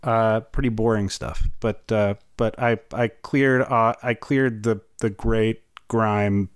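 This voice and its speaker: A man who is a musician guest on a chat show, speaking haltingly with many fillers in an easygoing way. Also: fairly low pitch, fairly even intonation, clear, resonant tone. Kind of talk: casual chat. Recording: guitar music behind. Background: guitar.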